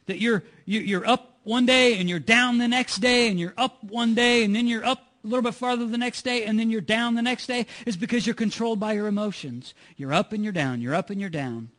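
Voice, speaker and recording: A man's voice: high voice, brisk, hardly any pauses, fairly bright tone. A man preaching a sermon as pastor, earnest and repetitive, asking his listeners rhetorical questions.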